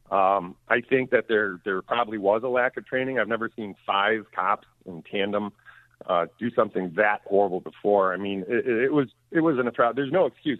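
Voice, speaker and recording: A man's voice: lowish voice, no echo. A man, a county sheriff speaking firmly and plainly as a guest in a radio interview. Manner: firm, plainspoken, repeats words when emphatic. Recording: tinny phone line.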